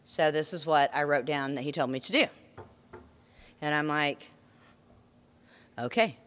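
A middle-aged woman telling a story in casual talk, blunt and full of swearing, with lively animation. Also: low voice, normal speed, smooth. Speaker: podcast co-host.

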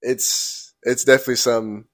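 A man's voice: medium pitch, little pitch movement, moderate pace. Laid-back young man, lots of ums. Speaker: podcast co-host. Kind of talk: casual chat.

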